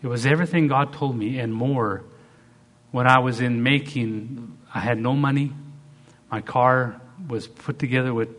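A middle-aged male pastor delivering a lively sermon. He shifts from soft, almost hushed asides to loud, high bursts when he acts out what people say. His voice sits at an ordinary pitch for a man. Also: normal speed. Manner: dynamic, swings between loud acted-out quotes and soft asides.

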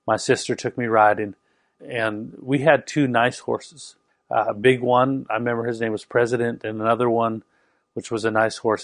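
A man who grew up in Canada, preaching a sermon and telling a personal story in a conversational, animated way. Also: medium pitch, no echo, clean studio sound.

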